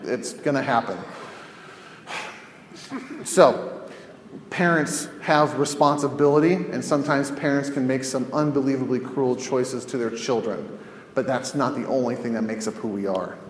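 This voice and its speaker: A man's voice: medium pitch, moderate pace, slight background noise. A male counselor teaching in a conversational way, telling scenarios and asking rhetorical questions. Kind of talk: teaching podcast talk. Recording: echoey room with long reverb.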